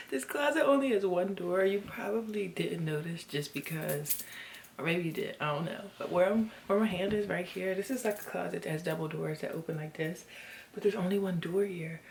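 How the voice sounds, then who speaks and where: Speaking from her bedroom, a lifestyle vlogger in her twenties chats to the camera, calling her viewers "y'all" and sometimes dropping into a whisper. Her slightly low voice is expressive and moves at a moderate pace, while a clear background hiss runs beneath the home recording.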